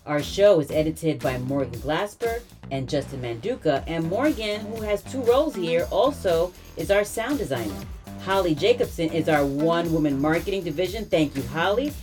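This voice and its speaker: A woman's voice: low voice, animated, normal speed, over music. A woman podcast host reading the credits in a chatty, playful way with teasing asides. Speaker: podcast host and improv actor. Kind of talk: upbeat credits read and improv chat.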